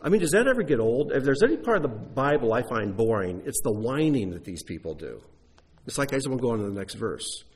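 A man's voice: mid-range voice, big pitch swings, quick pace, husky. A man teaching a sermon in a conversational way, asking the listeners rhetorical questions. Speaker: Bible teacher.

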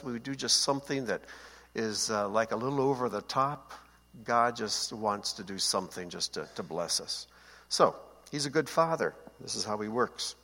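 In a seated Bible teaching, a man talks conversationally and keeps asking his listeners to confirm they're following along. His mid-range voice sounds bright and forceful, and the recording carries a long hall reverb.

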